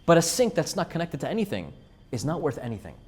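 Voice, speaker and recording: A man's voice: a little high, sing-song, fast talker, slightly rough. A man voicing an earnest, generous male city mayor who speaks in a pleading way.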